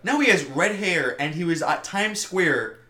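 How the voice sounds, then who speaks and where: A young man with a bright, tense, fairly high voice hosts a casual podcast chat, telling loose, joking stories. The sound bounces around a roomy, echoey space. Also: animated, a little slow. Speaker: podcast host. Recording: roomy echo.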